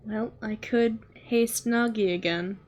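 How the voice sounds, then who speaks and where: A woman plays a tabletop game with friends, talking at a slow, easy pace and laughing between lines. A faint hiss sits under the voice. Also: medium pitch, fairly even intonation, darkish tone. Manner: laughing, playful. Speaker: player. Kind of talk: casual tabletop game play.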